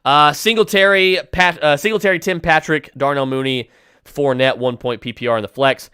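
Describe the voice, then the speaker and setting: A podcast host answers listener questions with rapid-fire fantasy football advice, his fairly high voice steady, pushed and bright, clear and resonant, at normal speed. His picks are emphatic and decisive, interrupted by fillers and restarts. The clean studio sound has no room tone.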